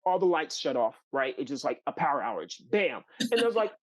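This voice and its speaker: A man from California, a guest musician, telling a long story in a loose, animated way with many fillers and restarts. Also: on the high side, brisk. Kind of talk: casual storytelling.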